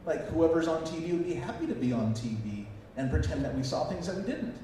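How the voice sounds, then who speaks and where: A man's voice: a little high, expressive, fast talker, mellow, a little hiss or hum. A man speaking at a conference, telling stories animatedly and acting out quoted voices. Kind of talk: storytelling talk to an audience. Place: conference hall. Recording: echoey hall recording from far off.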